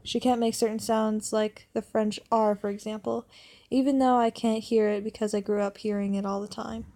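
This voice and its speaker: Young woman, slightly high voice, story reader who stumbles and self-corrects. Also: flat delivery, normal speed, warm tone. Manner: stumbles and corrects herself while reading. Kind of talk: reading online stories aloud.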